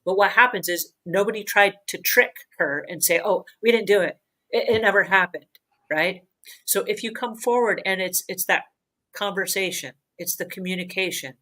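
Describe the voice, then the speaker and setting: A woman hosts a cleaning advice show in an earnest, conversational way. Her voice is bright and a little sharp, and she hammers her points home with repetition and emphasis. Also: lowish voice, poor audio.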